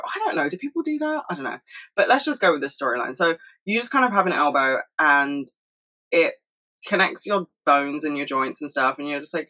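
A young woman talking fast and rambling in a casual monologue at home, swearing freely. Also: deep voice, animated, sharp tone, rough recording. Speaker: solo podcast host.

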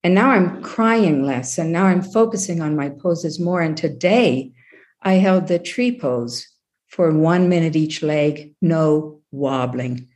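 A middle-aged woman with a very low voice tells a personal story. She speaks plainly and reflectively, with dry asides. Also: lively intonation, takes it slowly, a little mellow. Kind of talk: personal story told to an audience.

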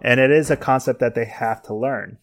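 A father chatting casually, talking softly and hesitantly with many fillers. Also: medium pitch, fairly even intonation, normal speed, dry recording. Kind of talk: casual chat.

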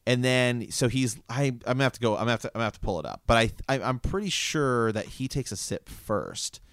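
A man's voice: medium pitch, big pitch swings, quick pace, a bit bright, no room sound, clean studio sound. A man in casual conversation about a book, reading passages aloud and reacting with enthusiasm. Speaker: podcast co-host discussing a book.

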